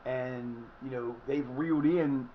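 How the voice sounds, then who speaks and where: A man's voice: mid-range voice, fairly even intonation, slow, lo-fi sound, a little hiss or hum. A man streaming live and chatting casually over his game, rambling with frequent restarts and fillers. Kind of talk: casual live gameplay commentary.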